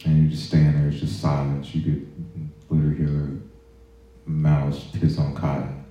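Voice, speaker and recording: A man's voice: very deep voice, completely flat delivery, moderate pace. A man and army veteran hosting a podcast, telling stories casually in a profane, laid-back way, in an echoey room on a muffled recording. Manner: profane, laid-back, drifts into quiet asides. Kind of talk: casual storytelling.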